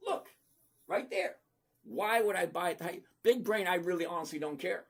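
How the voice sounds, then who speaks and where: Husky-voiced trading streamer, mid-range pitch, casual and blunt, playful, repeats points for emphasis. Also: lively intonation, normal speed. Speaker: stock trading livestream host. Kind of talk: casual livestream chat reading viewer comments.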